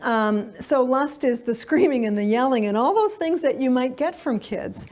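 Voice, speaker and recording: Woman lecturing parents, a bit high. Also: lively intonation, moderate pace, a little mellow. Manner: conversational, frequent fillers, acts out children's lines.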